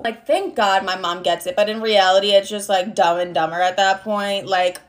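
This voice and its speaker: A woman in her twenties telling a personal story in a casual, animated, sarcastic way, swearing often. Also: mid-range voice, normal speed, few pauses. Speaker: storytime vlogger.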